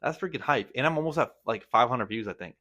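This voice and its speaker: A man's voice: mid-range voice, animated, quick pace, pushed and bright. A young man talking casually to camera in a vlog, rambling and self-critical, with lots of slang and restarts. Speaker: vlogger.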